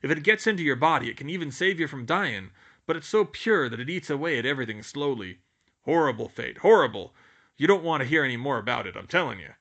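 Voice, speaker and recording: A man doing Hagrid, a booming gruff giant. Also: expressive, fast. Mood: gruff worried. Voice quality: loud, gruff rural-sounding dialect. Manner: booming, blunt and folksy. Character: huge gruff gentle male gamekeeper, older.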